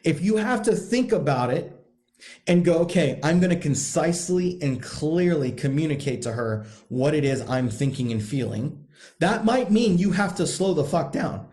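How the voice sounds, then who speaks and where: A man's voice: fairly high pitch, animated, normal speed, dark tone. A man coaching husbands in a blunt, profane, emphatic monologue, hammering points home by repeating them. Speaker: podcast host, men's coach.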